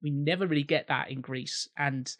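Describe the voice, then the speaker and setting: A man's voice: on the high side, moderate pace, a bit bright. A man co-hosting a casual film podcast, thinking aloud with many restarts and the odd swear. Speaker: podcast co-host. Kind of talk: casual film commentary chat.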